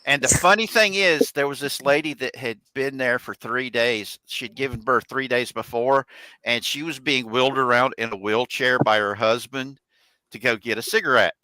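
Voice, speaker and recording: A man telling a long, halting family anecdote in a casual chat on a video call. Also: medium pitch, pushed and bright, dry recording, poor audio. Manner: rambling, halting anecdote teller. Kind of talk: casual storytelling.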